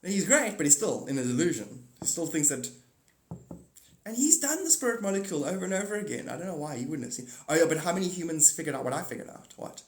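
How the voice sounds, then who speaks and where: A man hosting a live stream, talking in a rambling monologue, animated and swinging between loud outbursts and muttered asides. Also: on the high side, quick pace, echoey room.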